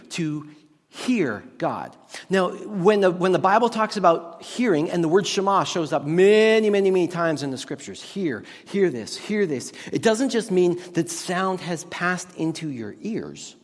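A man preaching a sermon as pastor, teaching on Hebrew words with lively rhetorical questions. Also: fairly high pitch, long reverb tail. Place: church sanctuary with tech team.

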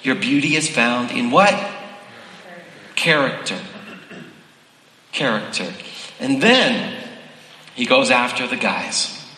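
A man's voice: mid-range voice, animated, slow, pauses often, bright, forceful tone. A man preaching a sermon, speaking directly to the congregation in a large hall. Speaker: pastor. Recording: echoey hall with long reverb.

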